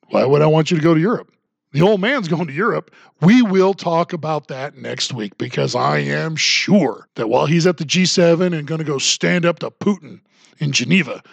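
A man's voice: high-pitched, dry recording. A man hosting a political commentary podcast, ranting in a sarcastic tone. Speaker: podcast host.

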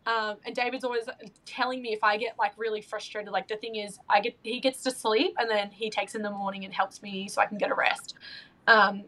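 A woman's voice: mid-range voice, fairly even intonation, fairly quick, sharp tone, rough recording. A woman, chatting as a podcast guest, gushing and emotional, with many restarts and fillers. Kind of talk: casual chat.

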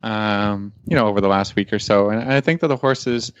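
A man's voice: fairly low pitch, normal speed, clear, resonant tone, no echo, lo-fi sound. A man guesting on a radio show, talking in a rambling, thoughtful way with many fillers. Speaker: guest, dressage show host. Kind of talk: casual radio conversation.

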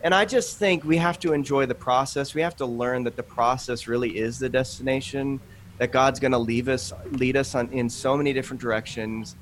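Earnest man in his thirties, animated. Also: medium pitch, brisk, a little hiss or hum. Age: 30s. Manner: earnest, animated storytelling with quoted asides. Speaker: podcast guest, author. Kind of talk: conversational interview.

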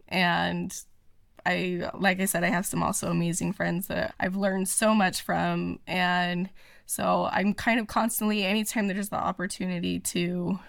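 Chatty woman with a creaky voice. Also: fairly low pitch, a bit bright, no echo, studio quality. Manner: chatty, many fillers and restarts. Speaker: podcast guest. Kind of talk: casual interview chat.

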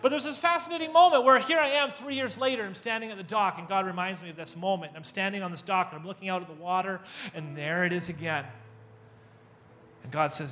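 A man gives a sermon in a high, bright voice, pulling the room along with animated, self-mocking storytelling. He acts out the voices in his story as he goes. Faint music plays behind him. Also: fast talker. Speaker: pastor.

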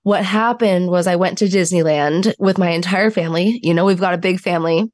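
A woman's voice: on the low side, fairly quick, no echo, clean studio sound. A woman in her twenties, a podcast guest telling her story candidly and acting out the voices of people in it. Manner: animated storyteller acting out quotes.

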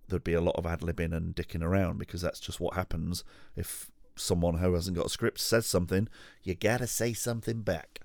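A man's voice: low-pitched, darkish tone, no room sound, studio quality. A man hosting a podcast on his own, chatting casually at home in a sweary, self-mocking, rambling way. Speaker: podcast host. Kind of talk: casual chat.

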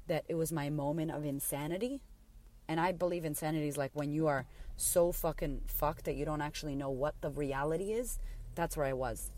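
A woman's voice: low-pitched, brisk, a little mellow. A woman in her thirties hosting a podcast, retelling a painful personal story in a raw, emotional way with frequent swearing. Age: 30s. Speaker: podcast host.

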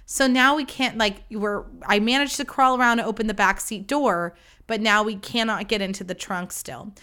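A woman's voice: on the high side, sharp tone, clear, resonant tone. A woman hosting a podcast, telling a story in a rambling, profane, self-deprecating casual chat. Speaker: podcast host.

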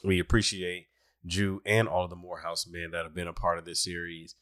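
Man, podcast host, very low voice, upbeat, laughs a lot, casual. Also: level tone, fairly quick, a bit bright, smooth, no room sound, studio quality. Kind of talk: casual podcast chat and outro.

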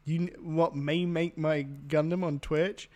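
A man's voice: fairly high pitch, level tone, unhurried, darkish tone. Dry-witted British man hosting a podcast. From United Kingdom. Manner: dry, teasing, runs a quiz game. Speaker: podcast co-host. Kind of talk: casual podcast chat. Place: home setup on a laptop. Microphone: laptop or remote podcast setup.

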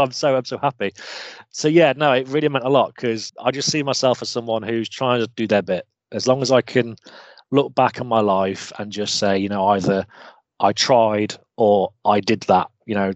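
This low-voiced British man is a mechanical engineer being interviewed, and he comes across as frank, earnest and self-deprecating, with many restarts. The audio is dry and lo-fi.

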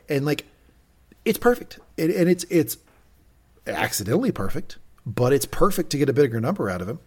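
Husky man recapping with animated quotes. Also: medium pitch, brisk. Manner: animated, acts out quotes from the show. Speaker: podcast co-host. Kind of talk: casual recap chat.

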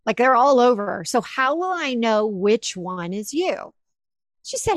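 A woman hosting an interview, retelling a personal story in animated, emotional bursts. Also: a little high, a little slow, no echo, studio quality. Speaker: podcast host. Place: home office with windows.

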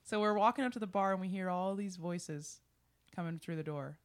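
A woman, telling a road story in casual podcast chat, animated and laughing as she acts out the people in it. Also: fairly low pitch, a little fast. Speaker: podcast guest, musician.

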